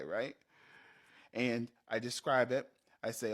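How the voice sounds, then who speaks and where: A man telling a casual story about running a tabletop game, animated and rambling, with quick restarts. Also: medium pitch.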